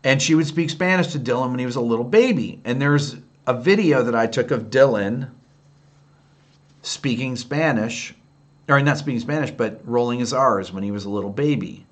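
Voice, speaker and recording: A man's voice: medium pitch, normal speed. A man in his fifties with an upstate New York accent, chatting candidly on a late-night livestream and answering viewers' comments in a rambling way. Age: 50s. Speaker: livestream host answering chat.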